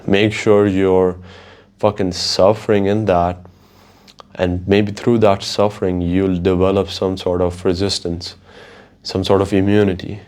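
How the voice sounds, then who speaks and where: Profane rambling low-voiced man. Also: measured pace. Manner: profane, rambling, animated storytelling. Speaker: podcast host. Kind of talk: casual solo monologue.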